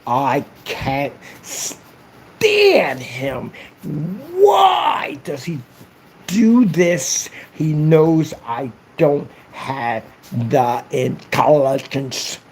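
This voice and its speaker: A man voicing a sulky, childish troll who slowly and petulantly writes angry diary entries. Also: a little high, very animated, a little mellow, a little hiss or hum, heavily acted. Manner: slow, drawn-out, petulant.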